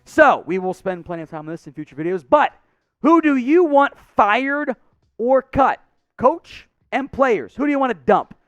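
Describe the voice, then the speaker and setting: A man hosting a sports show, ranting in frustration, his voice going hoarse. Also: very high-pitched, animated, normal speed, a bit bright, no room sound, highs cut off. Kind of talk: fired-up sports commentary.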